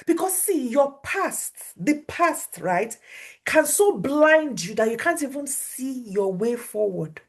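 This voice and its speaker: A woman preaching a sermon, animated, repeating phrases for emphasis and swinging her pitch widely as she acts out voices. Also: takes it slowly, husky.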